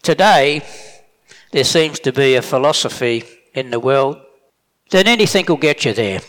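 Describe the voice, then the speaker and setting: A man's voice: medium pitch, lively intonation, moderate pace, fairly bright tone. Emphatic preacher man in a reverberant hall. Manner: plain-spoken, emphatic, with self-corrections. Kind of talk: sermon.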